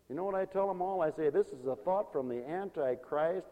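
A man preaching a sermon as pastor, swinging between quiet asides and loud, high exclamations, often laughing between points. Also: a little fast, big-room sound.

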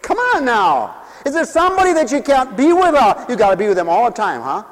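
A man preaching a comic, theatrical sermon, dropping to hushed asides and then shouting as he acts out little scenes. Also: very high-pitched, big pitch swings, brisk, long reverb tail.

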